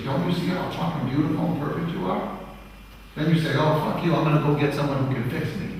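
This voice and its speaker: A man's voice: medium pitch, slight background noise. A man teaching yoga in a lecture to a live audience, blunt and profane, acting out little quoted voices as he goes. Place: yoga studio hall. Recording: echoey hall recorded from far off.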